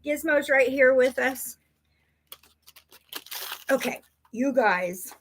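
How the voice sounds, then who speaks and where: A woman hosting a live stream as a psychic reader, chatting in a bubbly, excited way and telling a story with laughs. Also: sits high, slow, a little hiss or hum. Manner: bubbly, excited, greeting viewers by name. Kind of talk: casual live-stream chat.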